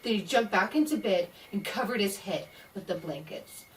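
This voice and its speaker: A woman reading a scary story aloud in a slow, dramatic way, voicing the sound effects herself. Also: mid-range voice, expressive, distant mic, slight background noise, rough recording. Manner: slow spooky delivery with voiced sound effects.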